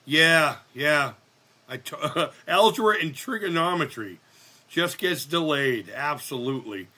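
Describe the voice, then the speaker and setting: A man hosting a live gaming stream. He is sick, and his voice sounds higher than usual. He chats casually, cracks jokes, swears a lot, and shouts at the game. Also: lively intonation, takes it slowly, pauses often. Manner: profane, joking, loud outbursts at the game. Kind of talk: casual live-stream chat while playing.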